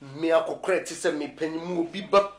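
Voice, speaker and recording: A man's voice: on the high side, quick pace, natural voice. An actor playing a brash man who mocks and repeats his words in a home quarrel, with a Ghanaian accent. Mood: mocking. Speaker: actor in a film scene. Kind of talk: Ghanaian film acting. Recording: echoey room with music.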